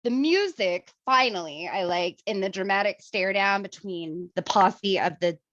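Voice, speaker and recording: A woman co-hosting a casual movie review chat, animated and laughing, swearing freely. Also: medium pitch, measured pace, no room sound, dull audio.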